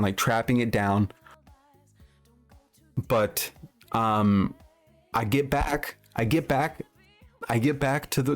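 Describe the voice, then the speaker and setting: A man livestreaming, chatting loosely with his viewers and telling a rambling, swear-laden story full of restarts. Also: mid-range voice. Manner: rambling anecdote with profanity and frequent restarts. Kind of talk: casual livestream chat, reacting to chat.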